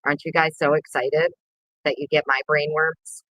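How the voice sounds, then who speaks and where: A woman's voice: level tone, moderate pace, bright, forceful tone, dry recording, poor audio. A woman hosting a casual livestream, greeting viewers by name in a playful, sing-song way. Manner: bursts of sing-song and squeaky voices. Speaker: livestream host.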